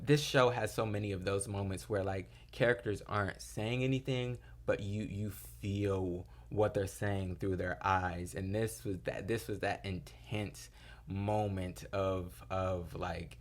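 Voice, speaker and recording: Speaking slowly and in a steady tone, a young man with a fairly low voice gives a loose, chatty recap of a TV episode as a reviewer. Filler words pile up as he rambles, and he slips into quoted dialogue when recounting scenes.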